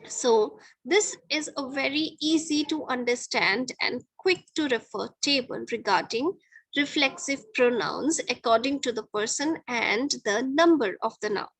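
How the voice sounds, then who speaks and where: A woman's voice: high voice, lively intonation, unhurried, a bit bright, husky, no room sound, rough recording. A middle-aged woman teaching a grammar lesson to children, patiently repeating each point and checking with "okay".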